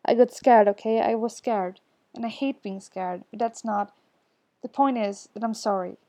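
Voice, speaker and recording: A woman reading the lines of an anxious, apologetic young man in a podfic, halting and full of restarts. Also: fairly high pitch, warm tone, no echo, lightly acted.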